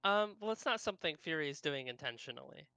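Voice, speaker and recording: A player in a tabletop game on a live stream, hesitant and playful, filling pauses with ums and likes. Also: mid-range voice, lively intonation, sharp tone, clear, resonant tone, dry recording. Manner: hesitant, lots of fillers, playful. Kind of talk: casual chat at a tabletop game.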